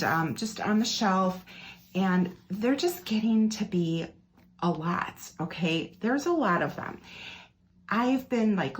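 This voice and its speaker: A woman casually chatting through an unboxing for her channel, gushing with enthusiasm and peppering her talk with fillers. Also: mid-range voice. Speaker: planner unboxing vlogger. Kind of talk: casual product unboxing chat. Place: her office or desk area, indoors.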